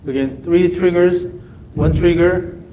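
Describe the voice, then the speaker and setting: Coaching a golf student, this man, whose first language is Korean, keeps repeating short instructions in non-native wording. His high voice stays steady, mellow and unhurried, and the rough recording has slight background noise.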